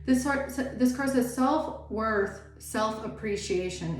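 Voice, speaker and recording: A woman's voice: medium pitch, measured pace, a little mellow. A woman giving a casual tarot reading, rambling and chatty, with lots of "like" fillers. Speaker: tarot reader. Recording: roomy echo, faint background noise.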